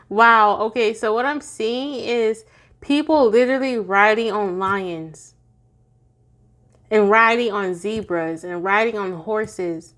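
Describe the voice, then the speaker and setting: A woman's voice: medium pitch, takes it slowly, pauses often, fairly bright tone. A woman giving a casual tarot reading to her viewers, chatty and goofy, laughing often and sounding tired. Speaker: tarot reader.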